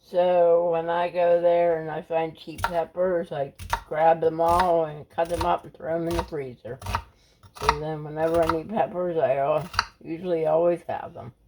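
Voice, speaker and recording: In her kitchen, a cooking vlogger chats in a homespun way through a home recipe, restarting loosely and hiccuping throughout. Her low voice keeps a level tone at a moderate pace, and the background is noisy with a loud frying sizzle.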